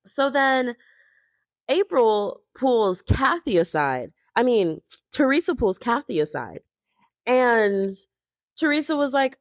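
A young woman gossips through a reality-show recap in a casual, chatty way, often saying "like." Her voice sits a bit high. The sound is close and dry. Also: sing-song, slow pace, no echo. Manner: gossipy, chatty, frequent "like" fillers. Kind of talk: casual chat.

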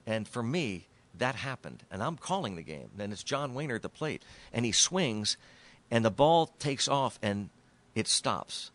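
A middle-aged man, a baseball broadcaster, telling stories as a guest in an interview, animated and stumbling over repeated words when excited. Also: mid-range voice, a little slow. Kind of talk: storytelling interview.

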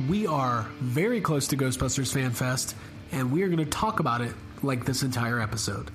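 A man's voice: medium pitch, lively intonation, normal speed, a bit bright, faint music behind. A man hosting a podcast, chatting casually and joking around with his co-hosts. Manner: jokey, playful impressions. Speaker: podcast host. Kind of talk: casual podcast chat with ad reads.

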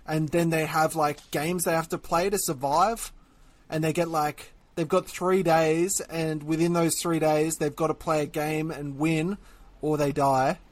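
Laid-back Australian man, a bit high-voiced. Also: steady tone, a little slow. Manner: teasing, laid-back banter. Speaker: podcast co-host. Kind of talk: casual chat.

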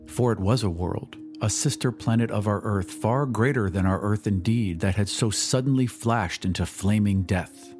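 A man reading a classic story aloud as an audiobook narrator, measured and dramatic. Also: fairly low pitch, over music. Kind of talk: scripted narration.

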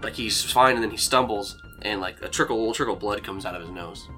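A man's voice: lowish voice, fast, over music. A man running a tabletop game as game master, narrating in a casual, rambling way with lots of fillers. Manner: casual, rambling, laughs often.

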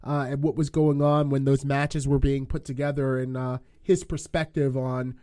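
A man's voice: medium pitch, level tone, moderate pace, dark tone. A man hosting a podcast, leading segments with upbeat presenter patter. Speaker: podcast host. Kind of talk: casual podcast chat.

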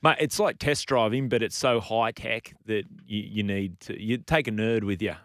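A man's voice: on the low side, normal speed, dry recording, studio quality. An Australian man co-hosting a radio show, chatting casually and getting worked up, laughing often. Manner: animated, gets fired up, laughs often. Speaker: radio co-host. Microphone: studio microphone.

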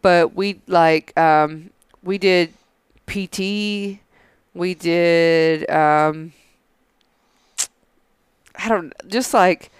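A man's voice: sits high, fairly even intonation, drawn-out words, long pauses, clean tone, no room sound, clean studio sound. A man in his thirties, a podcast co-host chatting casually with lots of fillers and the odd swear word. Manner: loose and profane, lots of "like" fillers. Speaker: podcast co-host, Air Force veteran. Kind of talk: casual chat.

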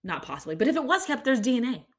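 Young female podcast host, bright tone, chatty incredulous solo commentary. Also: fairly high pitch, big pitch swings, racing. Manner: incredulous, rambling, many restarts and laughs.

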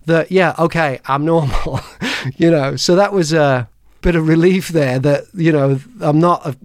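A man's voice: on the high side, a little slow, dry recording, studio quality. A man hosting a podcast, telling personal stories in a rambling way, with lots of restarts and laughs. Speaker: podcast host. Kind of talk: casual chat, personal storytelling.

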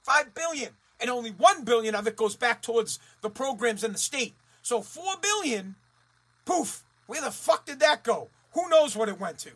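Man, heated profane rant, husky, bright edge, repeats himself, bursts into shouting. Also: extremely high pitch, animated, normal speed. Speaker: ranting commentator.

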